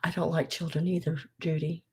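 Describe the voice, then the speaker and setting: A woman's voice: sits low, little pitch movement, fairly quick, slightly rough. A middle-aged woman, chatting casually on a live sale stream, gushing and trailing off with ums.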